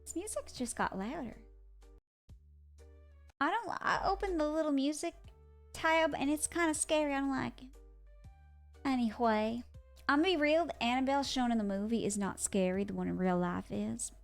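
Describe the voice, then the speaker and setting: A young woman streaming live and chatting casually, excitable and quick to swear. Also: sits high, gravelly. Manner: excitable, swears freely, loud outbursts. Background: faint music.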